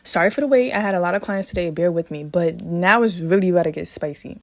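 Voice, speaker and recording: A woman's voice: fairly low pitch, quick pace. Young woman, casual storytime, dramatic and slangy, acts out every quote. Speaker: braider telling a storytime.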